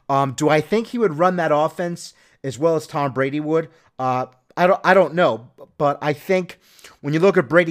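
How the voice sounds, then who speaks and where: Man, casual sports podcast host, rambling, stumbling restarts, fairly high pitch. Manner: rambling, many restarts and fillers.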